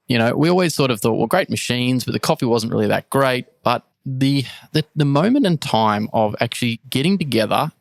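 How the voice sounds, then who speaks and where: Australian male guest, coffee roaster, gravelly and earnest. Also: medium pitch, dry recording, clean studio sound. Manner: earnest, thoughtful explaining. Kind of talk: casual interview.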